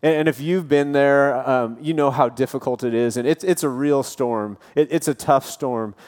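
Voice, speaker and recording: A man's voice: mid-range voice, normal speed, darkish tone. A man in his thirties, a campus pastor, preaching an earnest, casual sermon full of personal stories and light self-deprecating humor. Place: church auditorium.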